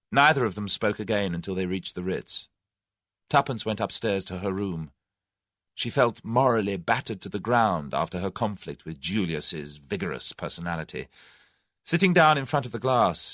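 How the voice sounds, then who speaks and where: A man reading an audiobook in scripted narration, with measured, expressive storytelling. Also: deep voice, no echo, studio quality.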